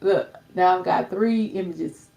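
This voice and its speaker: A woman's voice: lowish voice, a little slow, gravelly, dark tone. A woman hosting a casual tutorial livestream, chatty and upbeat, talking to viewers as friends and calling herself by name. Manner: refers to herself in third person. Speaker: livestream host.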